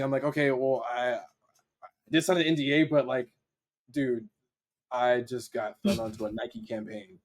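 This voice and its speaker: With a mid-range, darkish voice at a moderate pace, a young man guests on a podcast. A dancer and editor, he tells a story casually, acting out others' dialogue with a bit of swearing.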